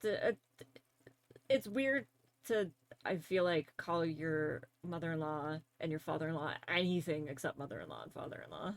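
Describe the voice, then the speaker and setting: A young Canadian woman with a deep, creaky voice and big pitch swings chats casually at normal speed while drawing on a livestream. She rambles, uses plenty of fillers, and laughs easily; there's no echo.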